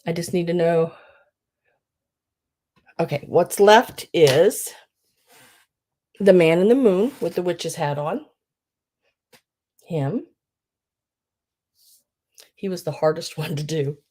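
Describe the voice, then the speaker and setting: A woman hosts a live-streamed sale while fighting back tears. Her voice sits a little low, and she speaks slowly, halting between grateful, emotional phrases. She sounds close to crying throughout. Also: mellow. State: tearful, crying. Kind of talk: live-streamed auction chat.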